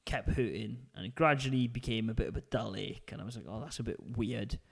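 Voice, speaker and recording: A man's voice: medium pitch, brisk, creaky, breathy edge. A man co-hosting a podcast, telling a long story in a chatty, self-mocking way. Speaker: podcast co-host. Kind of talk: casual chat.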